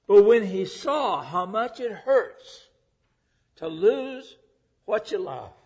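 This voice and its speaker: A middle-aged male preacher delivering a sermon, rising to loud emphasis and dropping to hushed, whispered lines. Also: high voice, big pitch swings, slow, husky. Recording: dull lo-fi recording.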